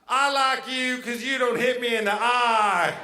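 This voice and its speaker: A man voicing a sweet, simple young Southern woman who drawls slowly in a high, loud voice. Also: fairly even intonation. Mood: doting. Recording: roomy live venue with faint noise.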